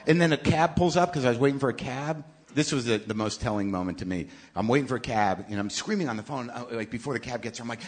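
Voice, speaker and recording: A middle-aged man hosting a live podcast, telling a profane, exasperated comic story in sudden loud bursts. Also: a little high, fast. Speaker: podcast host. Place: live stage show. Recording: live venue with faint noise.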